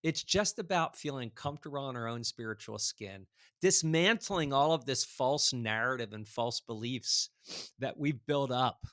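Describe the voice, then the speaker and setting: A man's voice: medium pitch, moderate pace, no echo, studio quality. A man guest on a podcast, telling stories casually and acting out bits of dialogue with lots of fillers. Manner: animated storyteller acting out dialogue, frequent fillers. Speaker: guest author. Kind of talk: casual storytelling in a podcast conversation.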